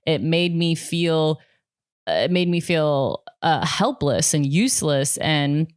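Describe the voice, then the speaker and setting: Young woman vlogger, low smooth voice, dry close sound, candid and profane. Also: animated, takes it slowly, no room sound. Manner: frank and profane, heavy use of "like". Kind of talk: candid personal monologue.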